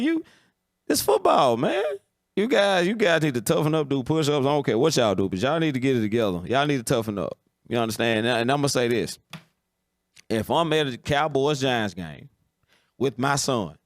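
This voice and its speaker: A man hosts a casual football talk stream, blunt and opinionated. His voice sits mid-range. The recording is dry, with no room echo. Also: mid-range voice. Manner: blunt, opinionated, keeps asking "you understand?". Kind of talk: casual sports commentary.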